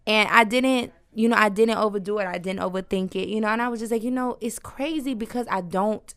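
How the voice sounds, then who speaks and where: A young adult woman rapper telling lively stories with plenty of cursing in a casual interview. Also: mid-range voice, fairly quick, clean tone, dry recording. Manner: lively, profane storytelling with laughs.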